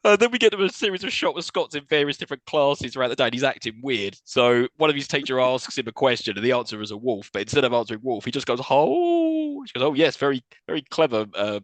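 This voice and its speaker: A man's voice: mid-range voice, quick pace, hardly any pauses, no echo. A man co-hosting a podcast, recapping a film in a sarcastic way and acting out lines from it. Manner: animated, sarcastic storytelling with voiced quotes. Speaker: podcast co-host. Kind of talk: casual film-recap chat.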